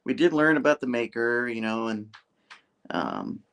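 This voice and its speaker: A man's voice: mid-range voice, huge pitch swings, a little slow, vocal fry, a bit bright, clean tone, exaggerated voice. A man putting on the voice of a jealous, whining rich young man in a raised voice. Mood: whiny. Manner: whining, complaining.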